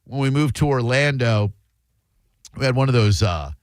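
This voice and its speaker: A man's voice: mid-range voice, normal speed, no echo, studio quality. Self-mocking male radio host. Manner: rambling, self-mocking storyteller. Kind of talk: casual radio talk. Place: radio studio.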